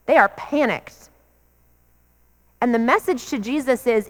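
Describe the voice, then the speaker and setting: Woman, pastor, earnest repetitive sermon cadence, high voice, echoing sanctuary. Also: animated, a little slow. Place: church sanctuary. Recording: long church reverb.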